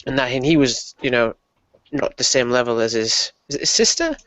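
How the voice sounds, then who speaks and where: A man describing his character in a tabletop game, halting and restarting often. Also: mid-range voice, sing-song, a bit bright, dry recording. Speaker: player. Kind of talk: casual tabletop game talk. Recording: dry, muffled recording.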